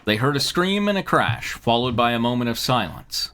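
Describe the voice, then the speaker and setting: A man hosting a live show, reading fan fiction aloud with animated, chuckling narration. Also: medium pitch, moderate pace. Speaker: host and narrator.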